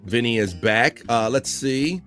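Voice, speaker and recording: A man's voice: mid-range voice, lively intonation, unhurried, a bit bright, soft background music. A man hosting a casual livestream, joking and teasing, laughing often. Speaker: livestream host.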